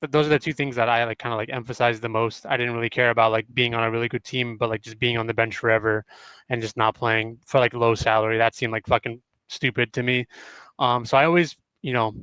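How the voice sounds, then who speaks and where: A man's voice: medium pitch, fairly even intonation, fast, a bit bright, smooth, no echo, rough recording. A man answering podcast questions casually, rambling with many fillers. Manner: rambling, full of "like" and "um". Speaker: former pro player. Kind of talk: casual chat.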